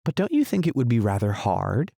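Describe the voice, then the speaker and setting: A man's voice: mid-range voice, big pitch swings, a little fast, creaky, mellow, slightly rough, dry recording, clean studio sound, exaggerated voice. A man reading an audiobook, voicing a polite, curious young girl who asks earnest questions. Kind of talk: audiobook character voice.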